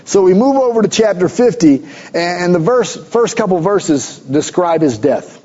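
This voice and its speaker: A man's voice: high voice, lively intonation, a little slow, dark tone, highs cut off. A middle-aged man preaching a sermon, mixing conversational storytelling with emphatic exhortations. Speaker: pastor.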